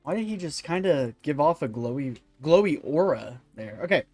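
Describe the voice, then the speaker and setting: A man's voice: on the high side, lively intonation, normal speed, darkish tone, no room sound, faint music behind. Rambling male let's-play host. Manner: rambling and thinking aloud, with many fillers. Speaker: gaming channel host.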